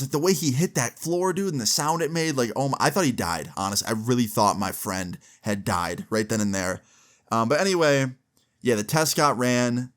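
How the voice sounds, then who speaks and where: Brief: young guy, mid-pitched, casual storytime vlogger, swears a lot. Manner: animated, casual, swears freely. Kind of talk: storytime vlog.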